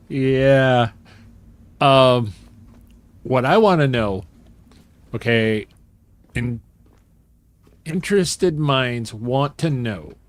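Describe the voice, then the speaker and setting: Slow-talking man streaming a game. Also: mid-range voice, expressive, no echo. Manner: chatty and joking, chuckles often. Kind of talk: casual gameplay commentary while reading chat.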